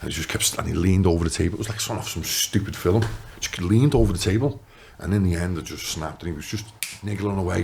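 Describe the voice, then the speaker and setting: A man in his thirties with a Liverpool accent, telling his story as a podcast guest, animated and swearing, acting out what others said. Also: deep voice, fast, gravelly, few pauses, a little hiss or hum. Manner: animated, swears, acts out quotes. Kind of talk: casual storytelling.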